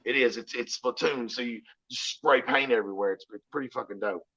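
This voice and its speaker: A man's voice: medium pitch, brisk, pushed and bright, breathy edge. A man with a Southern accent hosting a livestream, talking loosely and profanely and peppering his speech with "you know what I'm saying". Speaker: livestream host. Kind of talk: casual livestream chat. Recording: muffled lo-fi stream audio.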